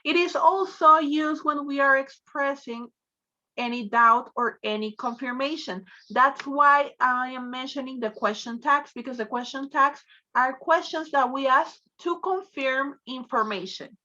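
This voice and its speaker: High bright woman teaching. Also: muffled recording. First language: Spanish. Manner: explains slowly, switching between English and Spanish. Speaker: English teacher. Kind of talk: online class lecture.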